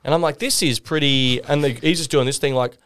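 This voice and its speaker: A man's voice: medium pitch, fairly quick, clear, resonant tone. Laughing Australian man telling a story. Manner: animated, laughing, acts out other people. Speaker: podcast guest. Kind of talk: casual storytelling.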